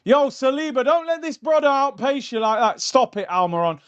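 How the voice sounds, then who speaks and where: A young man hosting a live football watchalong, chatting through the game and yelling at the screen. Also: very high voice, normal speed, smooth, dull audio. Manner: excitable, shouts at the screen, chatty tangents. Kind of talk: live match reaction commentary. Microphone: streaming mic.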